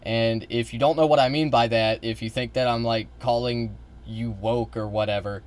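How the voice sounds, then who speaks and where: A young man chats through a reaction stream, rambling and restarting his sentences, often with a casual swear. His voice sits at an ordinary middle pitch for a man. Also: fairly even intonation, moderate pace, clear, resonant tone.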